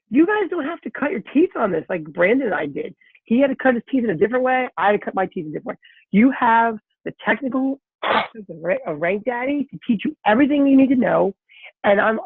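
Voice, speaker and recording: A man's voice: high-pitched, breathy edge, no echo. A man as a sales coach leading a group conference call, giving a direct, repetitive pep talk. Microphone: conference call line. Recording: tinny phone-line call audio.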